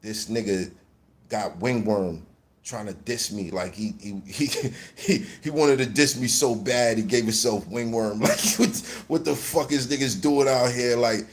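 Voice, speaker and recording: A man telling a mocking story in a loud, animated way, laughing often and shouting at times. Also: mid-range voice, a little slow. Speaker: host. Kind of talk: casual storytelling rant.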